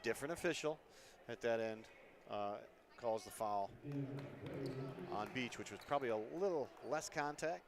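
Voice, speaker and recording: A man doing color commentary for a high school basketball game on a headset, easygoing with quick reactions. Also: expressive. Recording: noisy gym feed.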